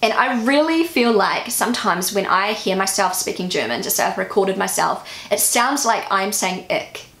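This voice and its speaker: Female vlogger with a New Zealand accent, casual and self-critical, with some vocal fry and an echoey room. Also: mid-range voice, expressive, moderate pace, few pauses, a bit bright. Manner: self-critical, repeats words aloud after the app. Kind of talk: casual language-learning vlog.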